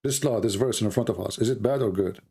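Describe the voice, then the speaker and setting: A man with an Arabic accent, an Arabic native speaker from the Middle East, hosting a heated online debate, pressing and repeating his questions while hoarse and coughing. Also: lowish voice, fast, mellow. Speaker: debate host.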